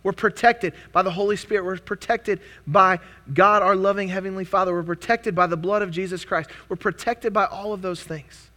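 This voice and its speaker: A young man delivers a sermon, his voice pitched high and ringing bright. He preaches earnestly but conversationally, stumbling and restarting phrases as he goes. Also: steady tone, moderate pace. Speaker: pastor.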